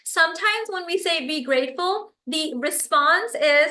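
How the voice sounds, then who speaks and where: A woman hosting a live stream, reading viewer comments aloud and answering them in an effusive, animated way. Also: extremely high pitch, a little slow, echoey room. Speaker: livestream host and business coach.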